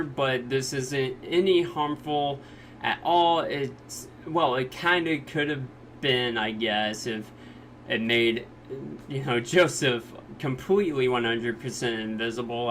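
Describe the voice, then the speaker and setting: A man of ordinary pitch talks through anime episodes in a casual, joking recap. Now and then he slips into the characters' lines. A faint hiss runs under the recording. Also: a bit bright. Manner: jokey retelling, quick quoted voices of characters. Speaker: anime reviewer.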